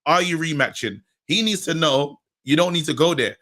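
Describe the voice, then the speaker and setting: A man's voice: on the high side, moderate pace, pushed and bright. A man co-hosting a podcast, chatting animatedly and acting out quotes between laughs. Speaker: podcast co-host. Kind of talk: casual boxing chat.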